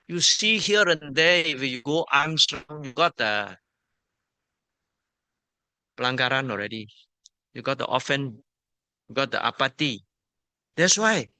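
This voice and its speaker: Monk from myanmar teaching a retreat, slow halting english, bright slightly high voice. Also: male voice, no echo. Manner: simple halting English with Pali terms, repeats words. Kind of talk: dharma talk at a meditation retreat.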